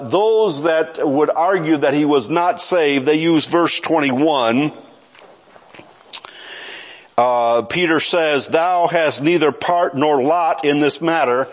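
A man preaches a sermon in a high, light voice. He talks to his congregation in a conversational way, often stopping and restarting his phrases as he works through his points. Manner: conversational, self-correcting, with frequent restarts. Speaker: pastor.

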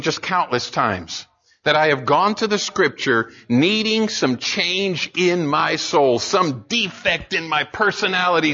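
A man preaching with earnest, building emphasis, stumbling and restarting now and then. His voice sits a bit high and sounds bright, and the recording is dull and lo-fi. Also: slightly rough. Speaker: pastor. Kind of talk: sermon.

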